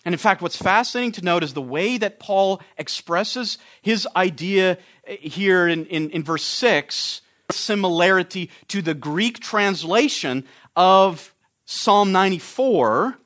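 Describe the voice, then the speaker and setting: A man's voice: high-pitched, animated, unhurried, fairly bright tone. A man preaching an expository sermon, earnest and emphatic, often restarting his phrases.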